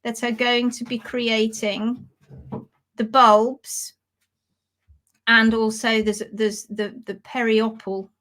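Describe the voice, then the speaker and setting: A woman teaching hoof care in a live demonstration, explaining with animated, playful storytelling. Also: a little high, slow, long pauses.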